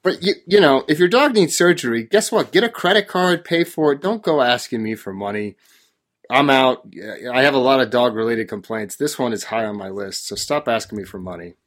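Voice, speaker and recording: A podcast host with a mid-range, fairly bright voice rants at a brisk clip in casual chat. He complains in an exasperated way but keeps joking and laughing along the way.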